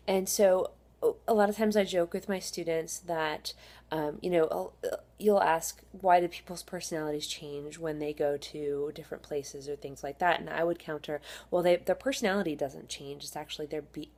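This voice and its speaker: A woman's voice: deep voice, darkish tone. A woman psychology instructor giving a casual recorded lecture, conversational, with frequent fillers and restarts.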